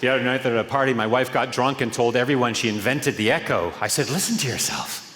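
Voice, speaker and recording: A man delivering deadpan, pun-driven one-liners on a theatre stage. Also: mid-range voice, fast. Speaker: stand-up comedian. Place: large theatre stage before an audience. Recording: roomy live hall with loud noise.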